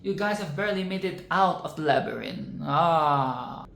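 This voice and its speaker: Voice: mid-range voice, expressive, normal speed, vocal fry, a bit bright. A film reviewer giving casual reaction commentary, rambling and playful, swearing and tossing in sarcastic asides. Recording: roomy echo with faint background noise.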